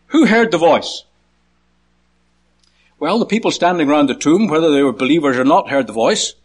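A man delivering a sermon, moving through his points one by one. He lifts his voice sharply when calling out quoted words, then sinks low and soft for his asides. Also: expressive, normal speed, pauses often. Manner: rises in pitch to call out quoted words, drops low for asides. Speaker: preacher.

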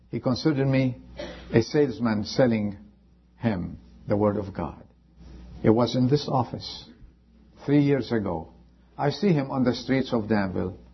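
A man preaching a sermon as pastor, impassioned, rising high and then dropping to a hush. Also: husky, muffled recording. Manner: impassioned preaching with sudden drops to quiet.

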